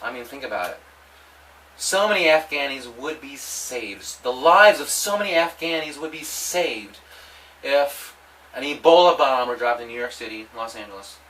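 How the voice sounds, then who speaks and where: A man delivering a rambling, provocative monologue, halting often and restarting his sentences. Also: medium pitch, lively intonation, fairly bright tone, distant mic, rough recording. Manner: halting, with many restarts and repetitions. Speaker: vlogger.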